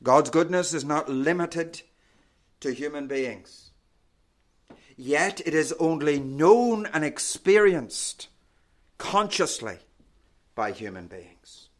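A man delivering a sermon at a very unhurried pace. His voice sits a little high for a man, and each phrase is measured and deliberate, dropping low and soft at the close. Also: animated. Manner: slow, deliberate preaching with falling phrase endings. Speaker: preacher.

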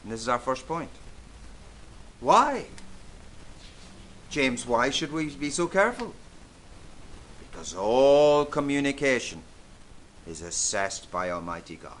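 A man preaching a sermon, emphatic and deliberate, repeating key phrases for weight. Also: medium pitch, very animated, slight background noise.

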